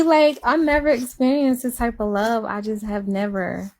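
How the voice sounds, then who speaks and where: A young woman, chatting casually on a live stream, rambling and repeating herself, dipping to a hush and then rising into giggly high exclamations. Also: a little slow, vocal fry. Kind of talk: casual confessional chat. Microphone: phone.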